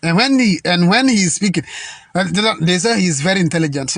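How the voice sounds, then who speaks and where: A man from Ghana, delivering an indignant political rant full of halting restarts and repetition. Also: sits high, lively intonation, no echo. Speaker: political commentator.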